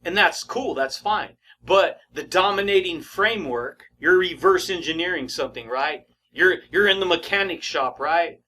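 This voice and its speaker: A man's voice: on the high side, normal speed, few pauses, pushed and bright, a little hiss or hum. A man giving a casual motivational talk, slangy and emphatic, often laughing and calling the listener buddy and baby. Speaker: motivational speaker.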